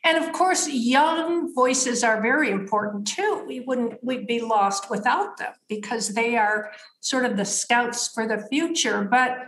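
Woman, 70s, a little scratchy, higher voice, thoughtful guest, roomy sound. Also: unhurried, hardly any pauses, fairly bright tone. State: slightly scratchy voice. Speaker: guest, author. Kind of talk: conversational storytelling.

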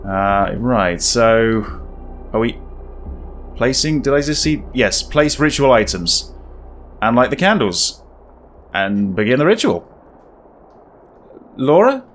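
A man's voice: medium pitch, lively intonation, slow, pauses often, a bit bright, slight background noise. A man giving casual, wry commentary while playing a horror game, thinking aloud. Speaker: gaming video creator.

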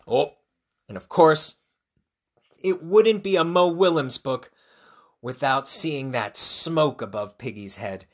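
A man teacher reading a picture book aloud to children, expressive and asking his listeners questions. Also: a little high, roomy sound.

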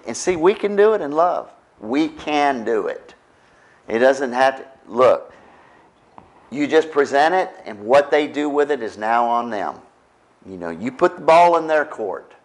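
A middle-aged man with a drawl delivers a sermon in an easygoing, conversational way. His pitch rises and falls with lively expression while he keeps an unhurried pace. He often tosses a quick "right?" to his congregation. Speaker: pastor.

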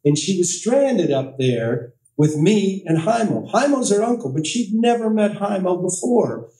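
Brief: middle-aged male author telling a story to a library audience, slightly high, mellow voice, picked up from across an echoey room. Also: very animated, measured pace. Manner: anecdotal, self-deprecating, with quoted voices. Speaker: author giving a library talk. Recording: echoey room, distant mic.

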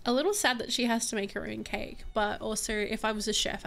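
A young woman, chatting over a life-sim game in a bubbly, gushing way, dropping to soft murmurs and rising to excited squeals. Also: on the high side, fairly quick, vocal fry. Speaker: gaming YouTuber. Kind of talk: casual gameplay commentary. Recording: faint music bed.

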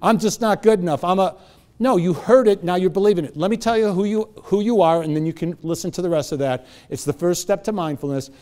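Speaking live, this man in his fifties quizzes the audience and tells animated stories as a motivational speaker. His high voice moves at a quick pace, with hardly any pauses.

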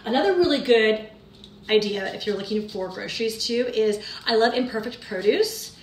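In her home kitchen, a woman with a fairly high voice hosts a cooking show at normal speed, guiding viewers through each step in a friendly, chatty way. The mic is distant, the room echoes, and dishes clatter.

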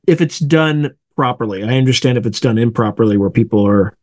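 A male host asks his guest long, careful questions, hunting for the right words as he speaks. His voice sits at an average pitch for a man. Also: fairly quick, darkish tone, no room sound. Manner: thoughtful, searching for words while asking. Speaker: interviewer and host. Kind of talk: interview questions.

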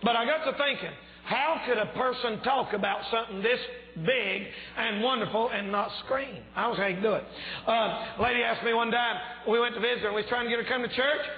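A man preaching a fervent revival sermon in a church, shouting at times, his voice a little strained. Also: very high-pitched, a little fast. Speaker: pastor. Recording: echoey church hall, tinny phone-like sound.

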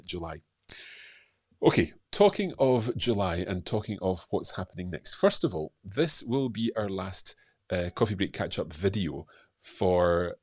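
A middle-aged man hosting a live stream, talking in a relaxed, chatty way with lots of fillers while he reads out viewers' comments. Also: low voice, no room sound, studio quality. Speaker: host.

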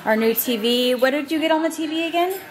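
A woman's voice: sits high, fast talker. A young adult woman chatting casually in a home vlog, laughing often and coaxing her pets. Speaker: vlogger.

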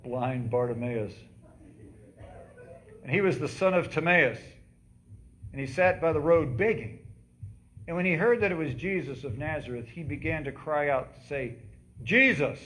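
A man preaching to his church congregation, his voice sitting a little high for a man and rising to dramatic calls as he repeats the cries of the story he is telling. He keeps asking questions of the listeners and checking that they follow. A faint room hiss stays behind him throughout. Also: normal speed, pauses often. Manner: animated preaching that quizzes the congregation. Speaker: pastor. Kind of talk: sermon. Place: church sanctuary.

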